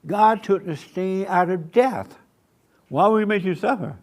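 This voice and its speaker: A man preaching a sermon to a small congregation in a church meeting room. He repeats short commands emphatically and slows down to stretch words for emphasis. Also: sits high, darkish tone. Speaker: pastor.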